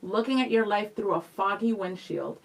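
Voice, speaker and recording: A young woman co-hosting a radio show, chatting casually and reading viewer comments aloud in a lively way. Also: medium pitch, normal speed, vocal fry, a little hiss or hum, rough recording. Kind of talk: casual live-stream chat.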